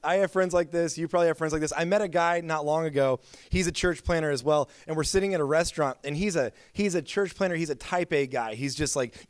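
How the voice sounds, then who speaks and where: A man's voice: on the high side, fast, few pauses, smooth, dry recording, studio quality. A man preaching a sermon as pastor, telling stories in a casual, chatty way with lots of filler words. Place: church.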